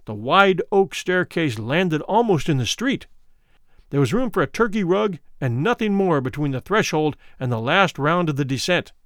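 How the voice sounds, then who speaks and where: A man reading a classic story aloud, measured and expressive, his pitch moving a great deal through each sentence. His voice sits slightly high, and the recording is dry and close with no room sound. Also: no echo. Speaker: narrator.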